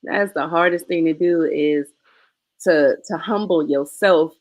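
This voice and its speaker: Earnest, lower-voiced woman. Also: unhurried, a little mellow. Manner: earnest, reflective. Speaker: podcast guest. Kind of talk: casual podcast chat.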